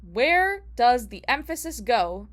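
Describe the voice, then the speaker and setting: A woman's voice: on the high side, very animated, takes it slowly. A young woman teaching a casual lesson as a rabbinical student, chatty, asking herself rhetorical questions and restarting her phrases.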